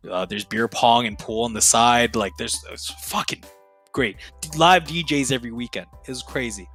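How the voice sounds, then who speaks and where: A young man talks as a podcast guest, his voice bright and forceful. He tells stories in a loose, slangy way, swears freely and gets excitable as he goes. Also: medium pitch, normal speed, husky, soft background music. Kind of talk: casual storytelling.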